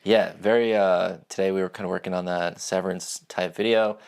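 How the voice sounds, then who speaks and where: A man hosts a podcast in a casual, chatty way, his voice deep and full of gravelly fry. He often trails off mid-thought while asking his guest questions. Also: steady tone, brisk, a little mellow. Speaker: podcast host.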